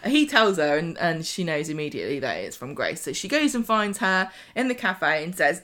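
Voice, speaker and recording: A woman's voice: low-pitched, normal speed, hardly any pauses. A woman co-hosting a podcast, recapping soap plots in casual chat and acting out characters' lines. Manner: animated, acts out characters' lines. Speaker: podcast co-host.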